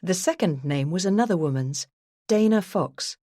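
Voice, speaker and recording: A woman narrating a first-person true crime memoir in a measured, earnest way. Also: on the low side, animated, mellow, no room sound, clean studio sound. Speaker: audiobook narrator.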